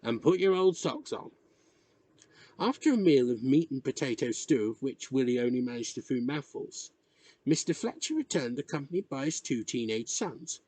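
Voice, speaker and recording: A man reading a novel chapter aloud in measured, expressive narration. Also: mid-range voice, no echo. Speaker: reader. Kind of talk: audiobook narration.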